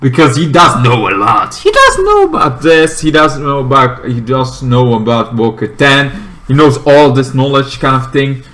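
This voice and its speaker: A man reviewing a TV episode in a casual, rambling way, full of fillers and restarts, sometimes bursting into loud acted-out lines from the characters. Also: mid-range voice, normal speed. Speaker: TV show reviewer.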